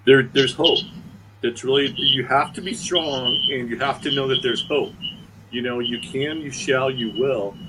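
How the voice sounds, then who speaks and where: A man's voice: medium pitch, unhurried, noisy background. Sincere, determined man guest. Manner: sincere, determined, with slight restarts. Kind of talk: interview storytelling.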